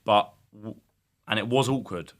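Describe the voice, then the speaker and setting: A man's voice: fairly low pitch, measured pace. A young man, a guest in casual chat, telling stories bluntly with plenty of slang. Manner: blunt, animated storytelling with slang.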